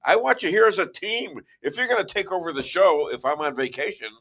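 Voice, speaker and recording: Brief: male host, higher voice, bright tone, jokey banter. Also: brisk. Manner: jokey, laughs often, animated. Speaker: show host. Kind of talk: casual studio banter.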